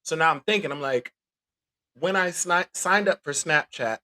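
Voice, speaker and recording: A man's voice: fairly high pitch, moderate pace, pushed and bright. A man co-hosting a podcast in casual chat, telling stories animatedly and laughing often. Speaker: podcast co-host.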